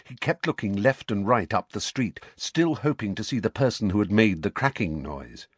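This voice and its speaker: A man narrating an audiobook in an expressive storytelling manner with a husky voice. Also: fairly low pitch, normal speed, no echo.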